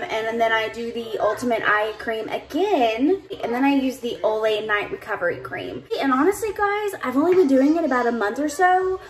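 A woman's voice: a little high, roomy sound. A young woman, chatting casually in a vlog, tired after staying up, with lots of fillers. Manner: chatty, laid-back, many fillers. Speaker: book vlogger.

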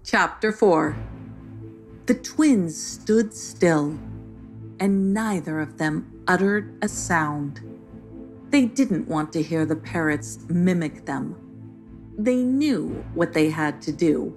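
A woman reading a children's story aloud as the narrator, in a gentle scripted telling. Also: lowish voice, slow, faint music behind.

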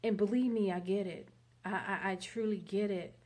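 A woman's voice: medium pitch, steady tone, normal speed, darkish tone. A woman vlogger telling a long story in a rambling, chatty monologue. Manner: chatty, rambling, many fillers.

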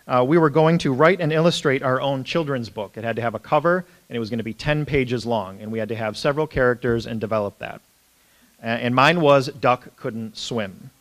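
A man's voice: mid-range voice, fairly bright tone. A middle-aged man, a priest, telling humorous self-deprecating childhood stories in an easygoing talk full of fillers. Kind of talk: storytelling talk.

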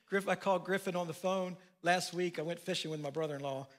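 A man's voice: sits high, fairly bright tone, slight background noise. An older man preaching a sermon as pastor, telling folksy family stories with asides. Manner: folksy storytelling with laughs and asides.

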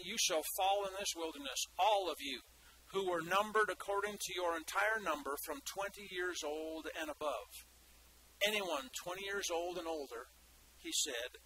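A man with a bright, forceful voice, pitched a little high for a man, preaching a sermon. He reads scripture aloud and breaks off to hammer points home with repetition. A faint hiss of noise sits under the recording. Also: expressive, moderate pace, rough recording. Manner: reads Bible passages aloud with emphatic repetition and asides to the congregation. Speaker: pastor.

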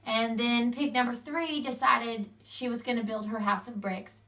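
A woman's voice: on the high side, fairly even intonation, moderate pace, a bit bright, recorded from a distance. A young woman casually retelling a fairy tale, chatty, linking sentences with "so" and "you know". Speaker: storyteller.

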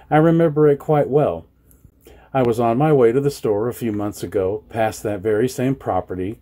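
A man's voice: lowish voice, breathy edge. Angry swearing man ranting. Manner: agitated, swears a lot, shouts at times. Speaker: vlogger. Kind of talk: angry personal vlog rant.

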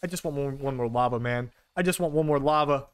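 A young man commentating a game on a live stream, excitable, swearing, laughing and shouting at what happens. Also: mid-range voice, fast, smooth.

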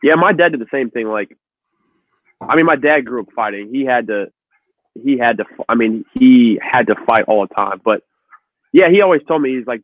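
A man hosting a casual conversation, telling animated stories and acting out the voices of the people in them. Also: mid-range voice, moderate pace, no echo. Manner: animated storyteller, acts out voices in quotes. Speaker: host. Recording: dry, phone-like audio.

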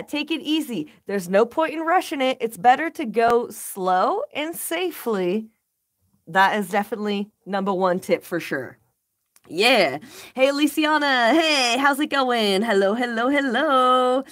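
A woman's voice: a little high, animated, measured pace, a bit bright. A woman hosting a casual game live stream, upbeat and easygoing, greeting viewers by name and chatting between moves. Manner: laid-back slang like "rock on" and "baby".

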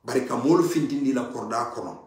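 A man's voice: medium pitch, fast talker, a little mellow. A man giving an impassioned political monologue, emphatic and pleading, repeating his key points. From Gambia. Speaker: party supporter giving political commentary. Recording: very echoey room.

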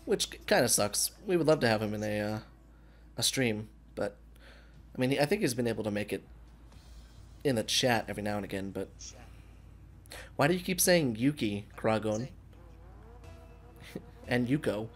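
A man's voice: fairly low pitch, moderate pace, long pauses, soft background music. A man hosting a gaming livestream, chatting casually and swearing a lot as he plays. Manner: animated, swearing, laughing often. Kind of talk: casual profane gaming banter.

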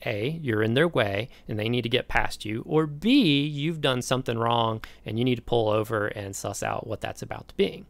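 A man's voice: medium pitch, moderate pace, hardly any pauses, no room sound. A man lecturing college students in a casual, conversational way, often stepping aside to speak to them directly. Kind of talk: recorded lecture.

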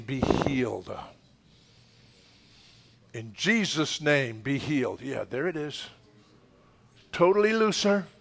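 A middle-aged pastor with a gravelly, mid-range voice leads a charismatic healing prayer during a service in a church sanctuary. He's fervent and commanding, alternating shouted rebukes with quiet murmurs.

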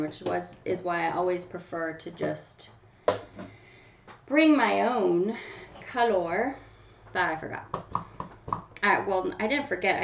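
A woman's voice: lowish voice, gravelly, noisy background. Chatty woman live-streaming in an echoey room. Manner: chatty, addresses viewers by name. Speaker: livestream host running a nail polish giveaway. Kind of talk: casual live chat to viewers. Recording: roomy, distant, dull home mic.

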